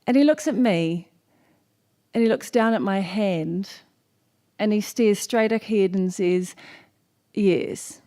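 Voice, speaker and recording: A New Zealand woman poet telling a story and performing a poem at a festival stage, playful and animated, acting out the dialogue. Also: mid-range voice, unhurried. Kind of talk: live storytelling and poetry performance. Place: festival stage before an audience.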